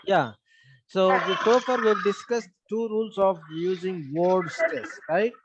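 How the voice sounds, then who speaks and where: A man's voice: high-pitched, wildly swooping pitch, takes it slowly, noisy background. A man with an Indian English accent teaching an online English class, patiently repeating points and spelling words out letter by letter. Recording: dull lo-fi sound.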